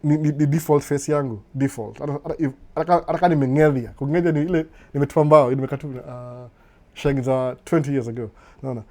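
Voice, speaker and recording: Fast and mellow, with a steady tone and medium pitch, a middle-aged Kenyan man chats on a casual live stream. He responds to viewers' comments in both Swahili and English, often chuckling and repeating "no, no."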